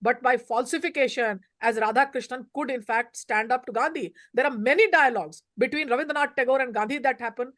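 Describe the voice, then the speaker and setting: A woman's voice: high voice, a little fast, few pauses, fairly bright tone. A woman professor from India, giving emphatic lecturing remarks on a panel. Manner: emphatic, lecturing, stresses single words.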